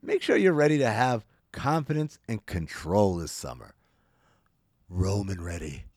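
A man's voice: mid-range voice, huge pitch swings, normal speed, a little mellow, dry recording, studio quality. A man reading an ad on his podcast in a playful, teasing, sing-song way. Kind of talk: host-read ad.

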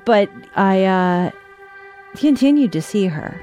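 A woman's voice: lowish voice, a little slow, darkish tone, soft background music. A woman telling a personal story in a candid, conversational way, sometimes acting out what people said. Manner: candid, conversational, reenacts dialogue. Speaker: guest storyteller.

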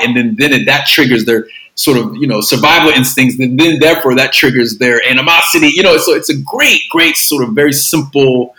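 Male creative guest: bright tone, loose rambling delivery, roomy echo. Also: medium pitch. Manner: rambling, with many fillers and restarts. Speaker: filmmaker guest. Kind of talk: casual interview talk.

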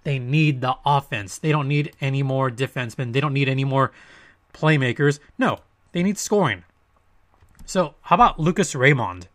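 A man's voice: mid-range voice, lively intonation, normal speed, no room sound. A man hosting a sports podcast in a casual, chatty monologue with playful asides and emphatic points. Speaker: podcast host.

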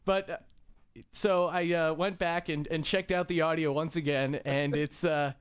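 High-voiced male radio host. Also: fairly even intonation, normal speed, clean tone, highs cut off. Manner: laughs often, tells stories with acted quotes. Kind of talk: casual talk radio banter.

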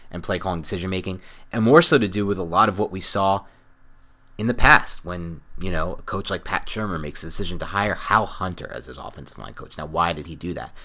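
Male podcast co-host, deep nasal voice, casual and talkative, explains things at length. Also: sharp tone. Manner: chatty, explains at length, teasing laughs.

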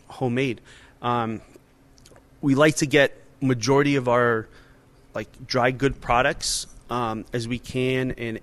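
A man's voice: medium pitch, fairly bright tone. A man in his forties, a restaurant owner and chef, talking casually and animatedly in an interview, with many fillers and restarts.

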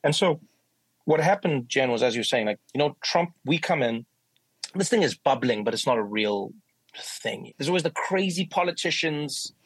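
A middle-aged South African man with a South African accent, a guest telling lively stories in a casual interview and acting out what others said. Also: mid-range voice, normal speed, breathy edge, no room sound, poor audio. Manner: animated, acts out quoted voices.

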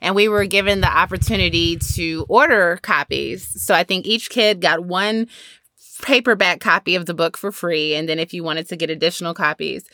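A bright-voiced woman, a podcast co-host, tells an animated story in casual chat, acting out the quotes. Her voice is lowish and her speed normal, in a dry, studio-quality recording.

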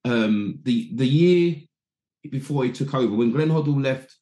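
Man from England, former footballer guest, animated anecdotes, mid-pitched, roomy echo. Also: unhurried. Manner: animated, acts out quotes, restarts a lot. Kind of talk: anecdotal interview storytelling.

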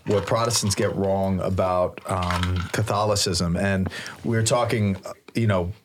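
Low-voiced co-host, halting questions. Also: male voice, fairly even intonation, background noise. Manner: halting, filler-heavy questioner. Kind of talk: casual talk show discussion.

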